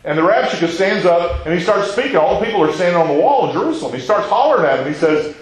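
A man's voice: high voice, expressive, fast talker. A man teaching a Bible class in a conversational way, often putting questions to his audience. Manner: asks the audience questions, chatty asides. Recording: roomy echoing hall.

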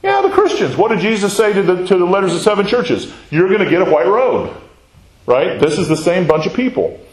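A man's voice: sits high, expressive, fairly quick. A man teaching a Bible class in a conversational way, asking questions and answering them himself. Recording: very echoey room.

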